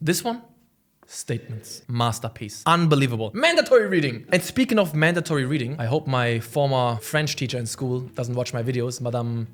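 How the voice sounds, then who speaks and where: A young man from Germany casually recommending books in a vlog, animated and slangy, with jokey asides. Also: medium pitch, a little fast. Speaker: vlogger.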